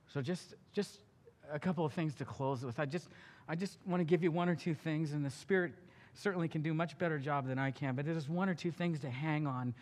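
A man preaching a sermon as a pastor. He speaks with passion, swings between loud and hushed delivery, and drops in casual asides. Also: on the high side, brisk. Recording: long reverb of a large hall.

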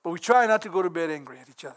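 A man's voice: high-pitched, lively intonation, racing. A middle-aged man giving a folksy, earnest sermon, laughing often between points. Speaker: preacher.

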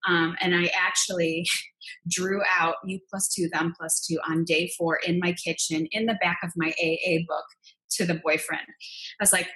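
A woman's voice: fairly low pitch, little pitch movement, normal speed, a bit bright, low-quality recording. A woman being interviewed, telling her personal story in an earnest, open, confessional way. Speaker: interview guest.

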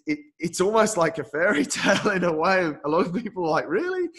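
Frequently restarting his sentences and calling people "mate," an endurance coach recounts something personal as an interview guest. He comes across as earnest and open, in a fairly high-pitched, sharp voice.

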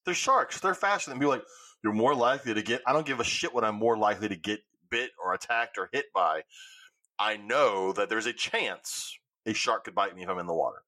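Podcast host, bright and lively, swears freely while telling stories, dry close mic. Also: male voice, lowish voice, brisk, dry recording. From Louisiana. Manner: animated storytelling with swearing. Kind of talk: casual chat.

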